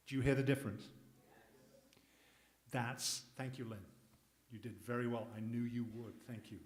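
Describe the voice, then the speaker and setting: In a conference-room workshop, a man teaches public speaking to a live audience, lively and emphatic with jokey asides. His voice is medium-pitched at a moderate pace, and the room sounds echoey.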